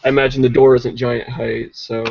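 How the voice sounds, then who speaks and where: A man at a tabletop game asks careful, probing questions. His voice sits at a middle pitch, and the recording sounds dull and lo-fi. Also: flat delivery, moderate pace, gravelly, a little mellow, husky. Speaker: player. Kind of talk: casual tabletop play.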